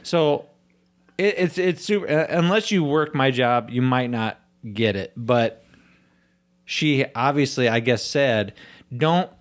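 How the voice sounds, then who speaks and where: A man's voice: mid-range voice, takes it slowly. A man on a casual podcast, telling a story with lots of swearing and acting out what others said. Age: has a young daughter. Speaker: podcast host.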